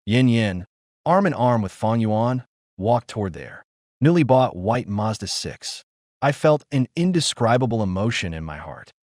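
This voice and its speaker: A man narrating a first-person story in an expressive, emotional reading. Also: on the low side, measured pace, no room sound, studio quality.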